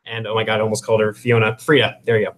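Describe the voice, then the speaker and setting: A man's voice: fairly low pitch, monotone, very fast, fairly bright tone. Hesitant man narrating his character. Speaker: player. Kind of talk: narrating a tabletop game.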